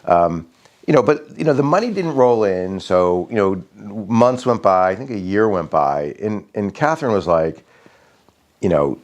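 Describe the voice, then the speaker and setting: A man's voice: fairly low pitch, moderate pace. A middle-aged man telling a rambling, casual story about his backyard, with many fillers and restarts. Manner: rambling, many fillers and restarts, animated when quoting others.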